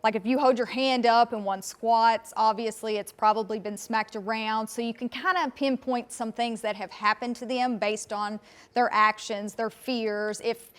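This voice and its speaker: A dog rescue volunteer with a Southern American accent answers interview questions plainly as a guest. Her voice is a little high and steady in tone, at a normal speed.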